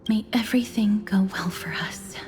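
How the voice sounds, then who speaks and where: A woman doing a hushed, ghostly whispering maiden. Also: mid-range voice, moderate pace, close to an everyday voice. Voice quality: soft, breathy whisper. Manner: hushed and reverent. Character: gentle, soft-spoken young woman who hears Titans. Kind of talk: whispered role-play. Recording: reverberant game audio with music.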